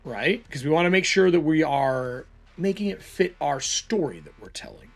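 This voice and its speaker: A man's voice: on the high side, normal speed, vocal fry, faint music behind. A man narrating a solo tabletop game casually, thinking aloud as he rolls dice.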